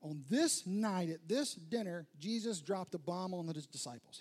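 Male preacher, sermon delivery, slightly raspy and higher pitched, builds on repeated phrases. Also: lively intonation, normal speed, darkish tone. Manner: conversational storytelling, emphatic repeated phrases. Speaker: pastor.

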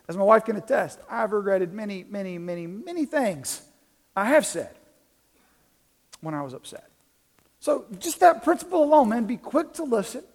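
High-voiced pastor preaching in a hall. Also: male voice, breathy edge. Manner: conversational preaching, swings from soft to loud. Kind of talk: sermon. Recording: long reverb in a large hall.

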